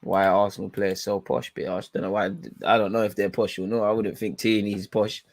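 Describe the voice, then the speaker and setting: A man's voice: on the low side, level tone, fairly quick, dry recording. A young man giving blunt, slangy, frustrated running commentary while watching a football match live. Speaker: football fan channel host.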